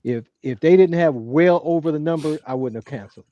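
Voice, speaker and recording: An earnest man co-hosting a relaxed chat, stumbling over repeated words as he makes his point. His voice sits dark and mellow. The sound is dull and lo-fi, close and dry. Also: on the high side, fairly quick, no echo. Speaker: co-host. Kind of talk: casual podcast chat.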